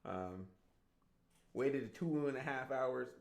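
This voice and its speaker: A man in his thirties tells a rambling family story to his livestream audience, with his voice sitting at an ordinary middle pitch. He talks loosely, often restarting and correcting himself. His voice carries a noticeable room echo. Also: expressive, slow, creaky, darkish tone. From Idaho, USA. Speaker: gaming streamer. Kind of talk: casual livestream chat.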